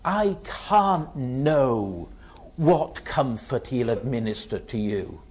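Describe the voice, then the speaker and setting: A man's voice: medium pitch, sing-song, takes it slowly, darkish tone, husky. A man preaching a sermon, asking rhetorical questions and telling illustrative stories, in a dull lo-fi recording.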